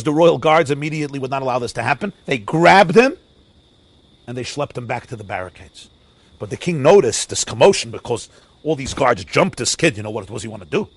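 A man, a rabbi, preaching a sermon through a story, dramatic and swinging between loud and hushed, with Hebrew and Yiddish phrases mixed in, recorded outdoors near a forest. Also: mid-range voice, husky, no echo.

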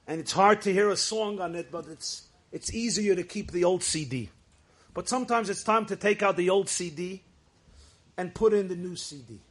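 Brief: high-pitched male Torah teacher, emphatic, storytelling delivery with Yiddish and Hebrew phrases. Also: moderate pace, breathy edge. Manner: emphatic, rises to shouts for stress. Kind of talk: Torah class lecture.

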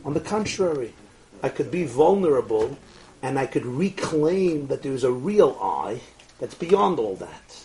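A man giving an animated storytelling sermon, acting out the dialogue and often laughing. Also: mid-range voice, unhurried. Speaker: rabbi lecturing.

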